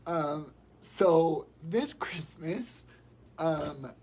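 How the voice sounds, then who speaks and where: A man chatting and rambling warmly on a live stream from home while sick, showing gifts and telling stories. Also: on the high side, lively intonation, very slow, slightly rough. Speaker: vlogger. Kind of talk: casual live-stream chat.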